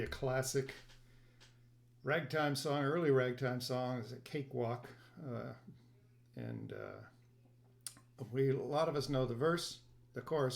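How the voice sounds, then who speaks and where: A man hosting a ukulele play-along, explaining each song in a soft, casual way with quick bursts and fillers. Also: mid-range voice, creaky. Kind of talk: casual instruction between songs.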